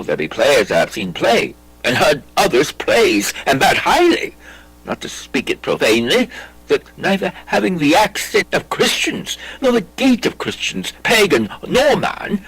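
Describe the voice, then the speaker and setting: A man reading a classic play aloud, voicing a brooding, intense young prince with lively theatrical delivery. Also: high-pitched, vocal fry, slightly rough, dry recording, heavily acted, rough recording. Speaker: audiobook reader.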